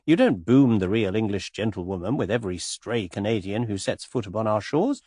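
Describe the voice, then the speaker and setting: A man reading an audiobook, voicing a witty young English society woman in an airy, teasing, quietly amused manner. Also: lowish voice, expressive, brisk, dry recording, studio quality.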